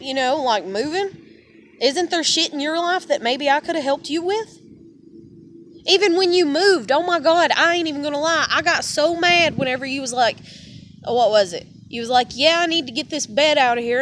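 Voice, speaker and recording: High-voiced woman with a drawl, venting. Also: fairly bright tone, a little hiss or hum. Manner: profane, heated, rambling. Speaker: vlogger. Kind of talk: venting monologue to camera.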